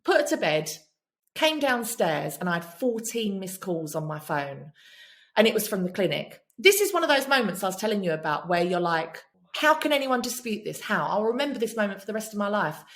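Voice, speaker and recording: A woman's voice: mid-range voice, big pitch swings, brisk. A woman guesting on a podcast, telling personal stories in a candid, emphatic way and swearing freely. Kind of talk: candid storytelling chat.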